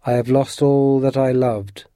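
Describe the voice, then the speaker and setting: A brooding, vengeful submarine captain, read by a man in a storybook, his voice mellow and dry. He turns icy and quiet or flares into furious shouting. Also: mid-range voice, fairly even intonation, measured pace, dry recording, lightly acted. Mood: raging. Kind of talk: storybook reading.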